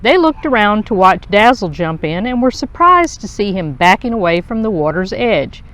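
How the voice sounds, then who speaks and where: A woman reading a children's picture book aloud in a slow, expressive storytelling voice. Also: mid-range voice.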